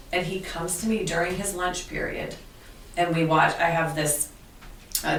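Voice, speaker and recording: A woman teacher telling classroom stories in an earnest, animated way during an interview. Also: sits low, vocal fry, slight background noise. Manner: earnest, animated storytelling with restarts. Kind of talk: conversational interview. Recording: echoey room, distant mic.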